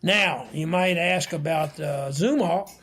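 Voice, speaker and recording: A man's voice: a little high, slow pace, fairly bright tone. An older American man, a retired naval officer, telling anecdotes in a podcast interview, often chuckling and acting out the dialogue. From United States. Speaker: retired vice admiral, interview guest.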